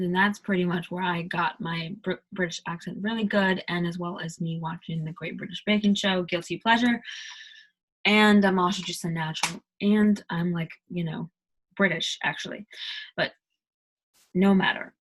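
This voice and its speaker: A woman from the United States hosting a casual tutorial video, chatty and rambling, with lots of fillers. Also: fairly low pitch. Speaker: video host teaching accents.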